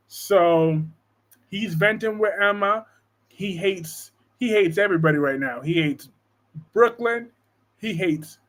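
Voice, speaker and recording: A high-voiced man chatting casually on a live stream from home. He keeps things animated and joking, and reads viewer comments aloud as he goes. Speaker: live-stream host discussing soap operas.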